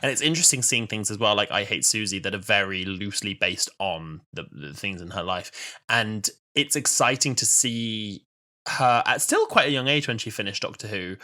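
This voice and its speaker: Bright-voiced young man, animated chat. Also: on the low side, normal speed. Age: 20s. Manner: animated storyteller acting out quoted lines with laughter. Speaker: podcast co-host. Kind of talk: casual chat.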